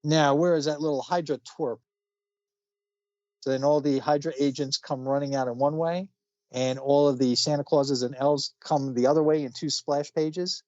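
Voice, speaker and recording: A man's voice: mid-range voice, fairly even intonation, normal speed, darkish tone, dry recording. A man casually recapping a comic book plot on a podcast, rambling with plenty of fillers. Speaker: podcast co-host. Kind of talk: casual comic review chat. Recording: slightly muffled dry recording.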